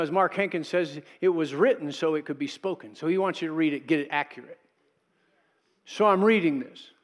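A man's voice: fairly high pitch, in a large hall. A middle-aged male pastor preaching a sermon in a conversational way, acting out quotes and adding asides.

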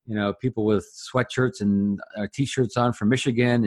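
A man speaking as an interview guest, giving conversational advice through folksy, animated examples. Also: mid-range voice, a little fast, no room sound, studio quality. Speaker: interview guest, referral coach.

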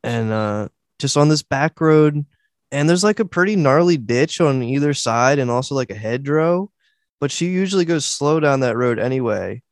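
A man's voice: mid-range voice, lively intonation, moderate pace, no room sound, clean studio sound. A man hosting a podcast, telling a story casually and quoting what people said. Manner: casual, many fillers and restarts, quotes voices. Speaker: podcast host.

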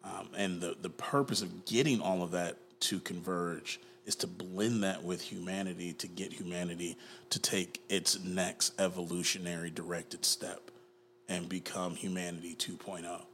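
Low-voiced man in casual talk. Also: normal speed. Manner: animated, slips into playful put-on voices. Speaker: podcast co-host. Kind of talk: casual chat.

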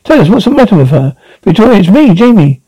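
A man voicing an anxious, impatient young man who fires off quick, worried questions. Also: high-pitched, very animated, warm tone, husky, no echo, pitched above the performer's own voice, exaggerated voice, poor audio.

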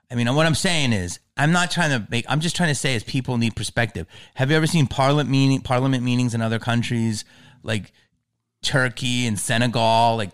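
A man with a medium-pitched, slightly bright, smooth voice chats casually on a podcast as a co-host or guest. He's talkative and swears freely, interrupting the other speaker and pushing his point over them.

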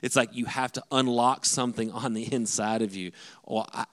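A man's voice: medium pitch, steady tone, a little fast, fairly bright tone. A middle-aged man, a pastor, giving a conversational sermon-style talk on marriage to the men, with frequent restarts.

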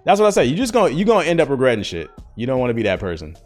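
A man's voice: mid-range voice, wildly swooping pitch, very fast, soft background music. A man in his thirties hosting a podcast, rambling and cursing freely as he vents in a candid, emotional way. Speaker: podcast host. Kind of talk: casual podcast monologue.

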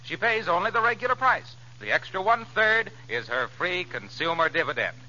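A man's voice: high voice, very animated, fairly quick, sharp tone. A man, a radio announcer, reading a scripted ad with an urgent salesman delivery. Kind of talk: scripted ad read. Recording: dull lo-fi old radio recording.

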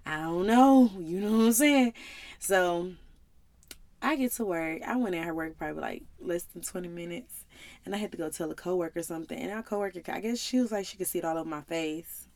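A woman in her twenties hosting a casual podcast monologue, telling a personal story in an animated, slangy, conversational way and addressing listeners directly. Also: fairly low pitch, fairly quick, no room sound. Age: 20s. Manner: animated storyteller, acts out her own side of talks with God; slangy and conversational, calls listeners y'all and baby. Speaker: podcast host.

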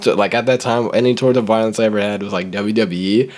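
Low-voiced young man telling a rambling story. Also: fast, darkish tone. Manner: rambling, full of fillers, acts out the voices in his stories. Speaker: podcast host. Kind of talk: casual storytelling chat.

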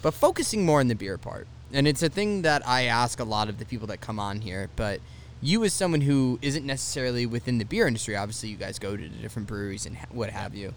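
A man's voice: medium pitch, animated, quick pace, slight background noise. A man hosting a podcast who asks questions and trades teasing, joking banter in casual chat. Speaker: podcast host.

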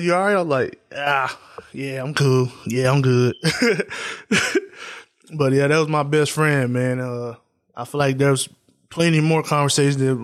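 Candid, subdued man hosting a solo podcast. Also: medium pitch. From Tennessee. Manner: loose and candid, many fillers like uh and man; subdued, reflective grieving tone. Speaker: podcast host. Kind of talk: solo casual podcast talk.

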